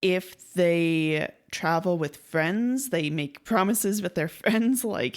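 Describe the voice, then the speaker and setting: A young woman co-hosts a casual podcast, telling stories in a chatty, expressive way with a voice on the lower side for a woman. She speaks at a measured pace with few pauses, acting out quoted lines and laughing easily.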